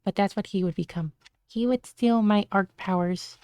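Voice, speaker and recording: A woman's voice: medium pitch, moderate pace, darkish tone, clear, resonant tone, no echo. Bubbly woman streamer with cutesy talk. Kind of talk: casual live-stream chat.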